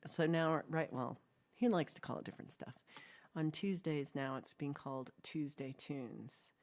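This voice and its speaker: A woman's voice: low-pitched, a little mellow. A woman chats on a livestream. She rambles through viewers' comments with playful, giggly asides, in a loose, casual way. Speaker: livestream co-host. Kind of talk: casual chat reading live comments.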